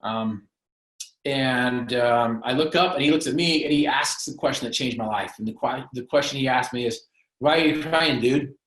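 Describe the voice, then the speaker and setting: A man's voice: mid-range voice, normal speed, fairly bright tone. A man as a podcast guest, telling his own story in an earnest, emphatic, motivational way with punchy alliterative phrasing. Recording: roomy echo.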